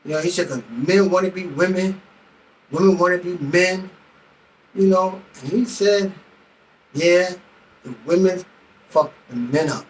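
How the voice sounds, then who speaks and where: A man's voice: high-pitched, unhurried, long pauses, distant mic, low-quality recording. A middle-aged man venting heatedly, telling a story with lots of profanity and acting out both sides of an argument. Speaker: vlogger. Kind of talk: venting monologue.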